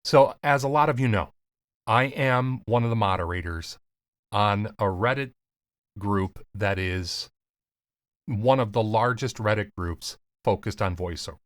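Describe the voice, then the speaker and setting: A man with a slight lisp, coaching on voiceover in an earnest, emphatic talk to camera with deliberate pauses. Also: fairly low pitch, dry recording. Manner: casual, swears lightly. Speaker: voiceover coach and podcast host.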